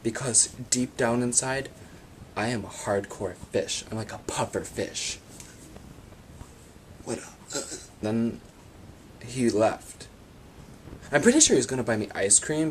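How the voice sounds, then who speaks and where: A man telling absurd comic stories about his free time in a deadpan monologue. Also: lowish voice, normal speed, a little hiss or hum. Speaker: vlogger.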